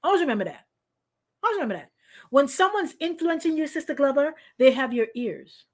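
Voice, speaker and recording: A woman pastor with a high voice talks her way through a sermon as if chatting with friends. She is animated and lively, calls out to people in the room by name, and keeps stopping and restarting her sentences. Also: a little fast. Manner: animated, lively, acts out quoted voices, addresses congregants by name; frequent restarts and repetitions. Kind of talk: conversational sermon.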